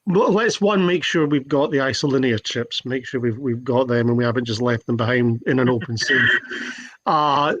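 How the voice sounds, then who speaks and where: A man playing a tabletop game who jokes and thinks out loud. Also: mid-range voice, normal speed. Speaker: player. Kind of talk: casual tabletop game talk. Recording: dull lo-fi sound.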